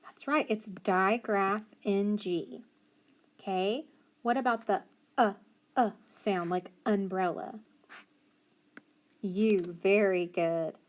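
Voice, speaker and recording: A woman teaching a phonics lesson to children, slowly sounding out letters and praising answers. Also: medium pitch, steady tone. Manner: slow, encouraging, sounds out letters.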